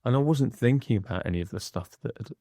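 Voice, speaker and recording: A man speaking as a podcast guest in a candid conversation, measured and reflective, pausing between phrases. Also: mid-range voice, animated, mellow, dry recording, studio quality.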